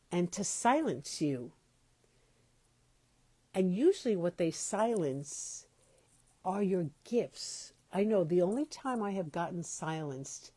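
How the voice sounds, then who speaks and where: A woman hosting a spiritual podcast, talking reflectively in slow, pausing speech and correcting herself as she goes. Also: fairly low pitch, mellow, no room sound. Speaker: podcast host. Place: home, moved from New York to Los Angeles.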